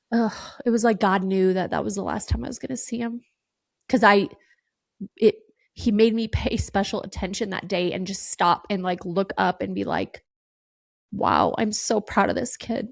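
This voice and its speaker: A woman's voice: medium pitch, no room sound, studio quality. A woman in her thirties hosting a podcast, telling a raw personal story with plenty of fillers and casual swearing. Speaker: podcast host.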